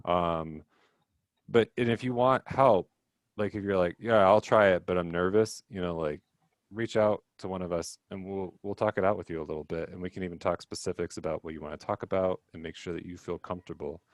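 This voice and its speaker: A man's voice: sits low, fairly quick, dry recording. Chatty young man leading a teacher workshop. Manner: chatty, self-deprecating, many fillers and quoted dialogue. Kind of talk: casual talk on a video call. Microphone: video call.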